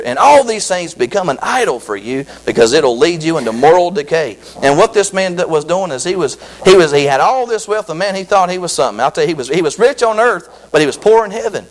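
Excitable pastor, high lively voice. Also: male voice, low-quality recording. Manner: excitable, repetitive preaching with many restarts. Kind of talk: sermon.

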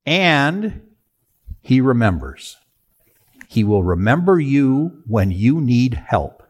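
Lively, slow-spoken male preacher. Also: medium pitch, husky. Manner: lively preaching, rhetorical questions. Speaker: pastor. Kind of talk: sermon.

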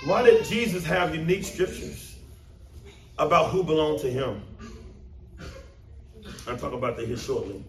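High-voiced preacher in an echoey room. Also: male voice, unhurried, pauses often, slight background noise. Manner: animated, emphatic preaching with questions to the congregation. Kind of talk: sermon. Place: church room with congregation. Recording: roomy echo, mic at a distance.

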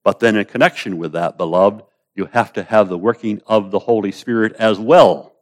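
Low voiced preacher man, sermon, gets loud on the key points then drops real quiet. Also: moderate pace. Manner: declamatory, swinging between raised emphasis and hushed asides; quotes scripture in old-style wording.

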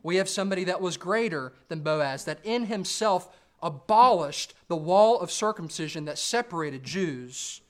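A man preaching an expository sermon, measured and rising for emphasis. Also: high-pitched, lively intonation, a bit bright.

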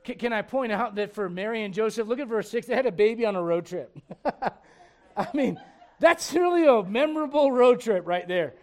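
A man in his forties, a pastor preaching a sermon in a church with joking, animated storytelling. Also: high-pitched, moderate pace. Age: 40s.

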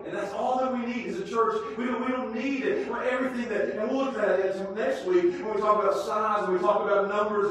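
High-voiced preacher man in an echoey hall. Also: steady tone, fairly quick, few pauses. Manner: dramatic swings from shouting to hushed tones. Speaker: pastor. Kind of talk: sermon. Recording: echoey room, distant from mic.

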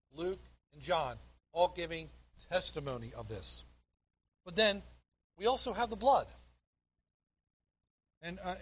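A man's voice: high voice, a bit bright, slightly rough. A man pastor preaching a sermon, reading scripture verses aloud and stressing key words emphatically.

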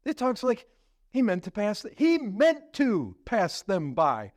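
A man preaching a sermon as pastor, emphatic and swinging between loud urgent questions and hushed, slow passages. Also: high voice, huge pitch swings, no echo, studio quality.

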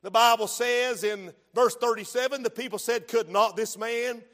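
A man preaching a sermon as pastor, swinging from hushed lines to shouts in a church sanctuary. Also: extremely high pitch, steady tone, normal speed. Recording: long hall reverb.

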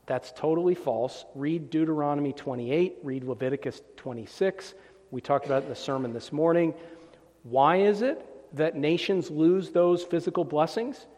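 Emphatic preacher in a reverberant hall. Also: male voice, fairly high pitch, a little mellow. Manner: emphatic, sarcastic, repeats for emphasis. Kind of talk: polemical sermon.

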